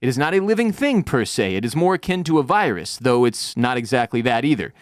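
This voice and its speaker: A man putting on the voice of a calm, overly polite middle-aged male official, speaking in a soothing, reassuring way while retelling a scene. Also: medium pitch, brisk, no room sound, studio quality, lightly acted. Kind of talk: acted quote in a podcast recap.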